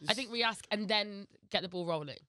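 A woman's voice: medium pitch, fairly quick, sharp tone, no room sound, studio quality. A woman with a Leicester accent, a singer chatting casually as a guest on a radio show. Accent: Leicester English. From England. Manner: chatty, lots of fillers like "like".

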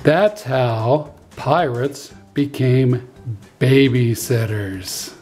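Slow, expressive male storybook reader. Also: medium pitch, soft background music. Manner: expressive, lively storytelling with voices. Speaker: preschool teacher reading aloud. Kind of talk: children's story read-aloud.

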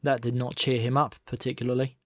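A man narrates a comic novel as an audiobook, measured and wry in his delivery. His voice sits at a middle pitch and is recorded close and dry, with no room sound. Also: flat delivery, fairly bright tone, no room sound. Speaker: audiobook reader. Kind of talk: scripted narration.

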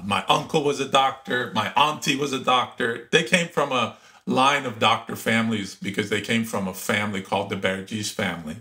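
A middle-aged man from Iran, a podcast guest telling stories from his life in an animated, emphatic way. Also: lowish voice. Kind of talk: storytelling in an interview.

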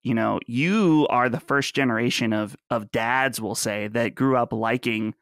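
A man's voice: mid-range voice, measured pace, a bit bright, clear, resonant tone, no room sound, clean studio sound. A man in his thirties from Western Pennsylvania, hosting a casual podcast chat in a chatty, joking way. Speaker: podcast host.

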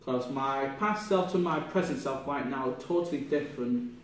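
Young guy talking through his drama performance, a bit sick, rambling, very echoey room, mic far off. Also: mid-range voice. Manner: halting, rambling, many restarts. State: ill, coughing. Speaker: drama student. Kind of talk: spoken self-reflection.

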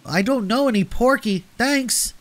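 A man voicing a small, excited five-year-old boy with a squeaky voice. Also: a little slow. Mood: dismissive.

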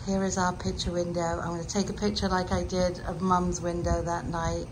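A tired British woman chats through a casual vlog while emptying her house, her chatter carrying an emotional edge. Her voice is on the low side, monotone and fairly quick, with a British English accent. It's a noisy home recording.

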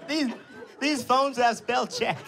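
A man doing stand-up comedy, telling a story in an animated way and laughing through his lines. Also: extremely high pitch, takes it slowly, a crowd in the background.

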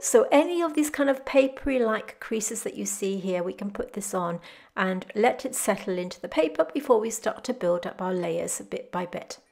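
A woman calmly teaching a botanical watercolour tutorial step by step, speaking in a gentle, unhurried way. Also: medium pitch, gravelly. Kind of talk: calm step-by-step painting tutorial. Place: home studio with glass roof.

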